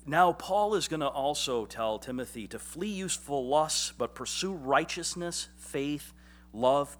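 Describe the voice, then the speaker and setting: A man's voice: mid-range voice, fairly bright tone. A man preaching a sermon in a conversational, self-deprecating way, often acting out little quoted exchanges. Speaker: pastor.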